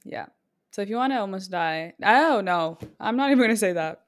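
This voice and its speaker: A young woman in her twenties co-hosting a podcast, chatting casually and telling animated stories full of "like". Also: mid-range voice, fairly quick. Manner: chatty storyteller, animated, heavy on 'like'. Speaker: podcast co-host. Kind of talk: casual chat.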